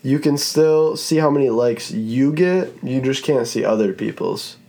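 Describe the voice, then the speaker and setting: A man's voice: mid-range voice, animated, a little slow, mellow. A man hosting a casual podcast chat, rambling in a laid-back way and swearing now and then. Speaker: podcast host.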